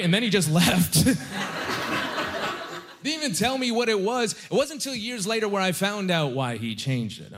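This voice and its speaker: A male stand-up comedian from Halifax, performing an animated, wisecracking set that is full of "like" and "you know.". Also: high voice, measured pace, long pauses, noisy background. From Halifax, Nova Scotia, Canada. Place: comedy stage before a live audience.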